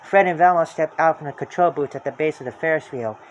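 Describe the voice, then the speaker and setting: A storybook reader narrating a children's book aloud in a lively, expressive way. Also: mid-range voice, quick pace, highs cut off.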